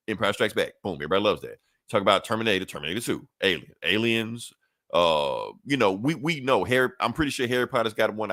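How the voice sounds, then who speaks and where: A male podcast co-host who rambles and swears freely, his pitch swinging lively up and down. He sounds dry and close to the mic, with no room sound. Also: no echo. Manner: loose, profane and rambling, with lots of fillers. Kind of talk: casual chat.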